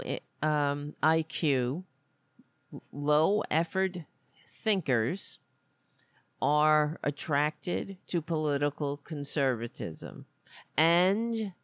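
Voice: mid-range voice, dry recording. A podcast host giving blunt, rambling political commentary, full of restarts. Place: lives in Queens, New York.

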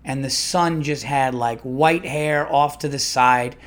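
On his own podcast, a middle-aged comedian spins a long, meandering tale in a relaxed, animated way, with restarts along the way. His mid-range voice moves at a slow pace.

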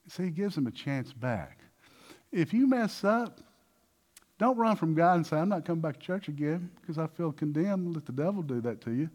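A man preaching a sermon with lots of energy, acting out little dialogues and swinging between loud bursts and hushed passages. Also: a little high, expressive, normal speed. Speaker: pastor.

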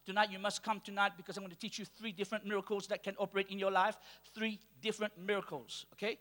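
High-pitched bright male preacher in a hall. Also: level tone, fast. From Mauritius. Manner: call-and-response preaching, rising to shouts. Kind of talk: sermon. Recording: long hall reverb.

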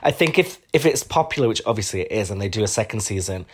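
A man's voice: lowish voice, lively intonation, fast, slightly rough. A man co-hosting a podcast, chatting casually and giving his opinions with plenty of fillers. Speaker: podcast co-host. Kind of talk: casual chat.

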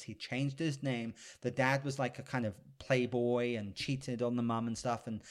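A man of ordinary pitch chats eagerly on a podcast, retelling favorite movie scenes. He drops into the characters' lines now and then, full of enthusiasm. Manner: enthusiastic, acts out film lines in quotes. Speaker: podcast co-host. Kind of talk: casual chat.

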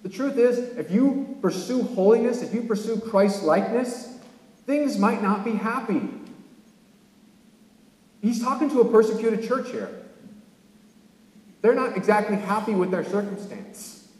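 High-voiced man preaching in an echoey hall. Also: measured pace, long pauses. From California. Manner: animated preaching with sudden emphatic rises. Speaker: pastor. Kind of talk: sermon. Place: church sanctuary.

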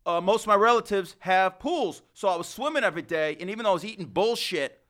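A man hosting a comedy podcast, telling stories in an animated, profane, casual way. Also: sits high, quick pace.

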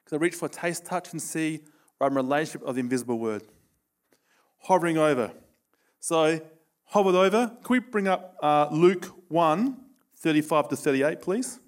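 A man preaching a sermon, telling stories with animated bursts of emphasis. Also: a little high, moderate pace.

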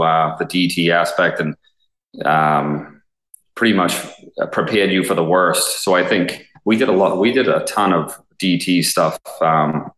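A man's voice: sits low, a bit bright, reverberant, poor audio. A man, a police officer in his thirties, telling stories in a casual interview, rambling with lots of fillers and swearing. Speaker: police officer, SWAT guest.

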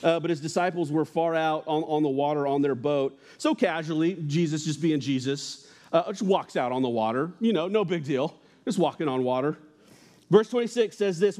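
A man's voice: fairly high pitch, a little mellow. A young man preaching a casual sermon in a church, telling stories and making joking asides to the congregation. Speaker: pastor.

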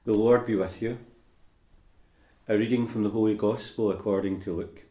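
A priest reading scripture at Mass and then giving a homily in a measured, unhurried way, with some hesitations. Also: male voice, on the low side, fairly even intonation, warm tone. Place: church. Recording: roomy church echo.

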